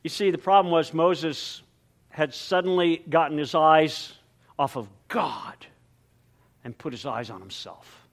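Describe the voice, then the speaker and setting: A man preaching a sermon in an animated, dramatic way, swinging between loud emphasis and hushed, quiet lines. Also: on the high side, measured pace. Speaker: pastor.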